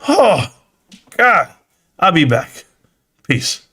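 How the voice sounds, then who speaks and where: A young man hosts a live stream, slangy and joking as he reads the chat out loud. His voice sits a little high for a man. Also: big pitch swings, extremely slow, husky.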